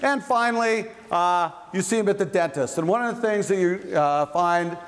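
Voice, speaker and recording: A male psychology professor gives a casual, playful lecture in a fairly high voice. His words ring out through a large lecture hall with a long echo. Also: moderate pace. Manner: conversational, playful with asides. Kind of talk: university lecture.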